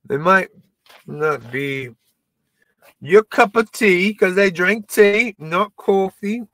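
A man's voice: on the high side, sing-song, takes it slowly, a bit bright, dry recording. A man in his sixties hosting a comedy show, doing a loose, rambling, profane stand-up monologue. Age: 60s.

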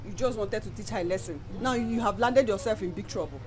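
A woman's voice: medium pitch, fast, a little mellow, natural voice. An actress with a Nigerian accent playing a grown daughter who scolds her mother sarcastically. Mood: scolding. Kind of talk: film drama acting. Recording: film audio with music behind.

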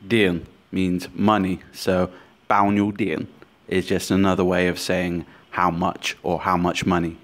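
A man with a somewhat low voice talks through a language lesson in a calm, scripted way. He explains each point slowly and clearly, carefully sounding out the foreign phrases he teaches.

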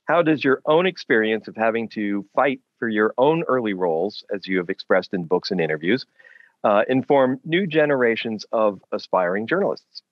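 Low-voiced male radio host, dry sound. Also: expressive, moderate pace, dry recording, lo-fi sound. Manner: hesitant, filler-heavy questions. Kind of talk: webinar interview.

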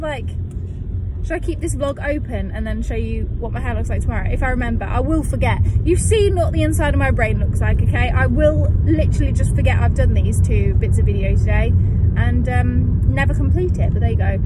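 A young woman talking to her phone camera in a rambling, animated, self-mocking vlog. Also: high voice. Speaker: vlogger. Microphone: phone held at arm's length. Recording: phone audio with street noise.

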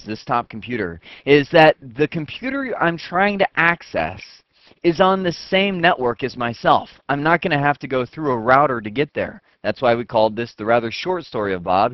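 Lively-voiced man teaching networking. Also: mid-range voice, no room sound. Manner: explains step by step, voicing the computers in quick asides. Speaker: networking instructor. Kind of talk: screen-recorded technical lesson. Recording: dull, dry lo-fi voice track.

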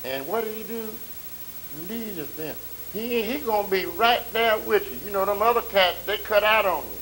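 Preaching pastor, dramatic scripture reading. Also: male voice, high voice, animated, rough recording. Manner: slow, drawn-out scripture reading with sudden loud swells; colloquial, calls and responses to the congregation. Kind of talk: preaching a sermon. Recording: faint tape hiss.

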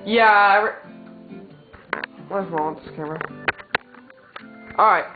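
A man's voice: high voice, a little slow. A man giving casual gameplay commentary, rambling and stumbling over restarts. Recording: tinny, echoey, loud game music.

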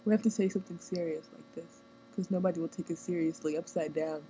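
A woman's voice: fairly low pitch, steady tone, quick pace, warm tone, slight background noise, rough recording. A woman in casual chat with a friend, teasing him and bantering playfully.

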